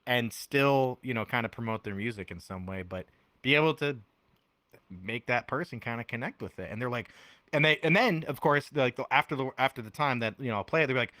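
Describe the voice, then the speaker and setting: A man's voice: mid-range voice, fast, pushed and bright, no room sound. A man chatting as a podcast guest, rambling with lots of fillers and frequent laughter. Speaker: podcast guest, VR music performer. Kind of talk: casual chat.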